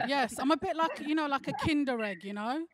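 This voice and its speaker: A woman's voice: sits high, very noisy. Cheeky woman doing stand-up. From London. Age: young adult. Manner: cheeky, chatty, punchy delivery. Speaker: stand-up comedian. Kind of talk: stand-up comedy set. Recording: laughter from a virtual audience.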